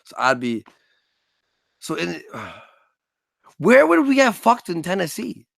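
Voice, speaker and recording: A man riffs on a stream, cursing and acting out scenes in put-on voices. His voice sits a bit high with a gravelly rasp. The sound is close and dry, with no room echo. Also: slow. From Canada. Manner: animated, profane, acts out scenes in funny voices. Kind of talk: casual stream commentary.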